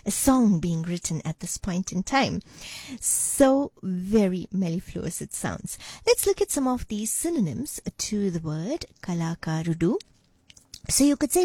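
A woman's voice: medium pitch, mellow, slightly rough, dry recording. A woman presenting a radio language lesson in a studio, encouraging and drawing out syllables as she teaches.

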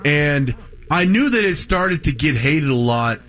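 Animated storytelling man, somewhat high voice. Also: measured pace, soft background music. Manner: animated anecdote teller who acts out quotes. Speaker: radio show co-host. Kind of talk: casual storytelling chat.

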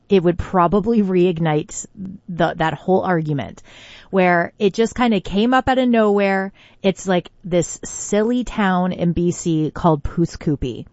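A woman's voice: fairly low pitch, darkish tone, no room sound, muffled recording. A woman leaving a casual voice memo, talking conversationally and emphatically with lots of "like". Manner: conversational, emphatic, filler-heavy.

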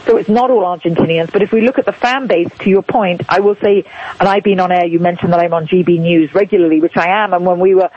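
Woman, radio guest, opinionated, husky, higher pitch, slightly dull remote line. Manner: earnest, opinionated, measured. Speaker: guest commentator. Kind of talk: talk radio discussion.

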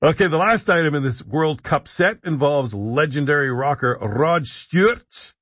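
A man's voice: on the high side, lively intonation, normal speed, a bit bright, breathy edge, no room sound, muffled recording. A man hosting a talk radio show, riffing in a wry, joking way and dishing out mock-earnest advice. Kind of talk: casual talk radio banter.

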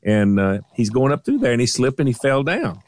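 A man co-hosting a radio morning show in a studio, telling a story in a relaxed, teasing way. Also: medium pitch, fairly quick. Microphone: studio microphone.

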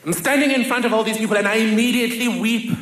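A woman's voice: on the high side, fairly even intonation, fast. A woman from Africa, telling a personal story on stage with wry, dry humor. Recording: roomy hall with faint noise.

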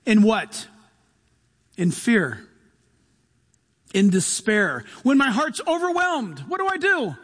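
High-voiced pastor preaching in a big hall. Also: male voice, slow, long pauses. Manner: animated, shifts between loud bursts and soft hushed asides. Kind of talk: sermon. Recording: long reverb of a large hall.

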